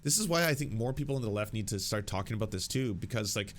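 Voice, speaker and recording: A man's voice: fairly low pitch, lively intonation, fast, slight background noise. A young man hosting political commentary, ranting in a sarcastic, exasperated way and swearing freely.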